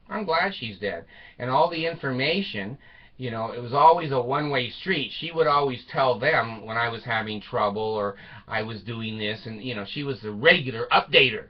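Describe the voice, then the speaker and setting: A man in his sixties speaking a bitter, blunt personal monologue with swearing and long pauses. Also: medium pitch, lo-fi sound. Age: 60s. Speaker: vlogger.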